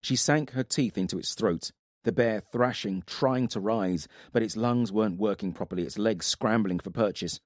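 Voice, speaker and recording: Deep-voiced male fantasy narrator. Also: moderate pace, no echo, studio quality. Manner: dramatic, steady. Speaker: audiobook narrator. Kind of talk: scripted fantasy audiobook narration.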